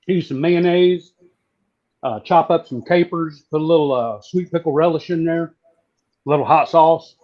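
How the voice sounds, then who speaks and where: A man from southeastern Virginia, chatting casually while demonstrating how to fry catfish. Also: on the high side, measured pace. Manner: folksy, relaxed, drawling. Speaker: cooking guest. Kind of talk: casual cooking demo on a live stream. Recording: dull lo-fi stream audio.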